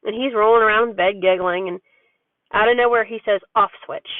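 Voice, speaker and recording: Speaking briskly at a medium pitch with fairly even intonation, a parent vlogger rambles candidly about raising kids in a chatty personal monologue. There's no room sound; the audio is dry and tinny, much like a phone recording.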